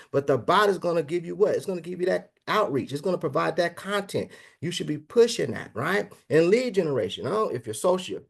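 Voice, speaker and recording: High-pitched, gravelly high-energy male presenter. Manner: high-energy, keeps asking the audience "right?"; casual and conversational, calls out "man" and "guys". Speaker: business presenter. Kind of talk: motivational business presentation. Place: online video meeting.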